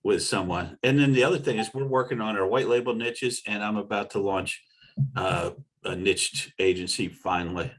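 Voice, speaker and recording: A man's voice: lowish voice, normal speed. A man, an agency owner, speaking bluntly with dry humor in a casual video call chat.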